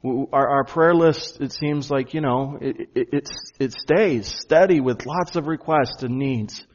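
A man preaching a sermon to his church, earnest, slowing down and stressing key phrases. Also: medium pitch, muffled recording. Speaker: pastor.

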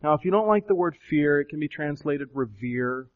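A man's voice: on the high side, expressive. Emphatic preaching man, lo-fi recording. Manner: questions the congregation, with emphatic swells and slowed, drawn-out phrases. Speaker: pastor. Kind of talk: sermon. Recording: dull lo-fi recording.

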